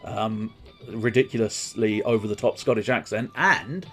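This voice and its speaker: A man's voice: fairly low pitch, moderate pace, a bit bright, husky, faint music behind. A man streaming a game playthrough, rambling and joking with casual swearing. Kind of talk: live game playthrough commentary.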